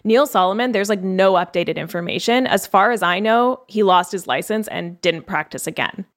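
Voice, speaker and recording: A young adult woman co-hosting a podcast, talking fast and animatedly, often stopping to read quotes aloud. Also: mid-range voice. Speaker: podcast co-host. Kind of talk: casual podcast chat.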